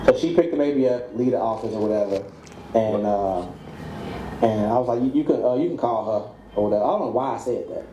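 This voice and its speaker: A man casually tells a personal story, animatedly acting out the voices of people in it and laughing as he goes. His medium-pitched voice is fairly quick, recorded with roomy echo and faint background noise.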